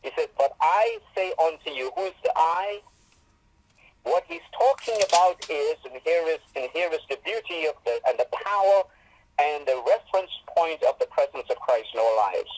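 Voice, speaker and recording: Man, Bible teacher, slightly high voice, emphatic sermon delivery, lo-fi recording. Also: animated, moderate pace. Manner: emphatic, repeats phrases for stress.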